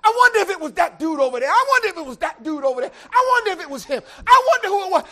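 This is Joseph, a troubled young man engaged to be married, played by a preacher in the middle of a sermon. He speaks quietly and tenderly when resigned. In his suspicious moments he talks fast, high and loud. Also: natural voice. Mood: frantic. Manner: earnest, pleading speech that turns to frantic, rapid suspicion. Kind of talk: sermon storytelling.

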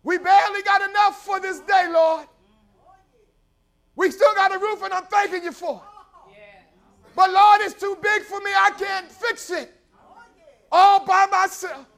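A man preaching a sermon acts out a poor widowed woman who pleads loudly with God, desperate yet thankful. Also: very high voice, steady tone, a little slow, pauses often, voice pushed up, full character voice. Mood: pleading. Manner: pleading, shouted prayer.

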